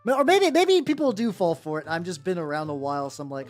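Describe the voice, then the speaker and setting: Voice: mid-range voice, expressive, quick pace, hardly any pauses. A miniature painting streamer chatting casually on a live stream, rambling with many fillers and self-restarts. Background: faint background music.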